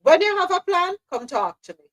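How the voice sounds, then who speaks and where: A woman's voice: very high-pitched, sing-song, a little fast, a bit bright, low-quality recording. A woman hosting a live news podcast, speaking passionately and repeating phrases for emphasis. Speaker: host.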